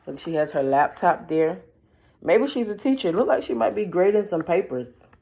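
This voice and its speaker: A woman's voice: on the low side, sing-song, moderate pace, creaky, dark tone. A woman reading a picture book aloud and chatting playfully to the listener about the pictures. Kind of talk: read-aloud with chatty commentary.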